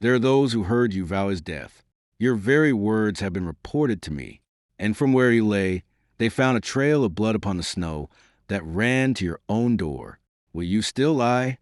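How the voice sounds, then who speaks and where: A man's voice: lowish voice, animated, moderate pace, a little mellow, no room sound, clean studio sound, close to an everyday voice. A man voicing a grieving, scornful young noblewoman who speaks in an accusing, bitter way.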